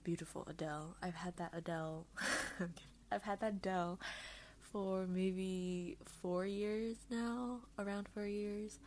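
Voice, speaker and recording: Young woman, solo podcast host, casual and self-mocking, swears a lot, loud one moment and hushed the next. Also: mid-range voice, steady tone, slow, a little hiss or hum. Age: young adult.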